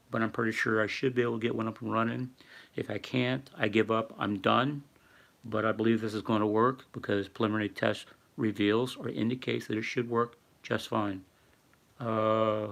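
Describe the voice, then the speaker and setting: A man's voice: fairly low pitch, flat delivery, moderate pace, creaky, fairly bright tone. An older man hosting a casual livestream, rambling and reading viewer chat aloud with lots of fillers. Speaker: livestream host. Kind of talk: casual live-stream talk.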